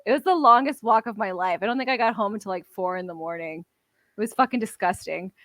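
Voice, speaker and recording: A young woman co-hosting a podcast, telling a party story in a rambling way, full of "like" and quick laughs. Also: medium pitch, fairly bright tone, no room sound. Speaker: podcast co-host. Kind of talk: casual chat.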